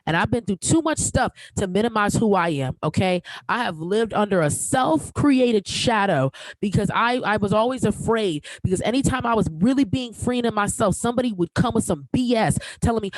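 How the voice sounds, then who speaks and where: A woman's voice: medium pitch, expressive, normal speed, few pauses, no echo, poor audio. Emphatic podcast host woman, dry close sound. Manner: emphatic, projecting, repeats herself, slangy. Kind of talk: solo podcast rant.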